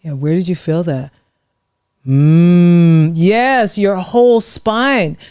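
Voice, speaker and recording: A middle-aged woman, a vocal coach, leading warm-up exercises in a lively, encouraging, demonstrative way on a podcast. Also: medium pitch, unhurried, no room sound, studio quality. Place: podcast studio.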